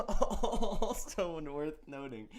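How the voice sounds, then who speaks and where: A man's voice: fairly high pitch, extremely slow. A man hosting a sports betting show, chatting casually and jokingly, often reading quotes aloud. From Irish descent. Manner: jokey, animated, reads quotes aloud. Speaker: sports podcast host.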